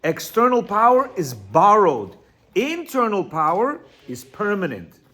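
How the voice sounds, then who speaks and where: A man's voice: sits high, huge pitch swings, a little slow, pushed and bright. A man teaching on marriage and self-control, reading passages aloud and explaining them with frequent asides. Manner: reads quotes aloud, then explains with asides and constant "you hear?", "right?"; sometimes stumbles over Hebrew words. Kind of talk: informal religious teaching talk.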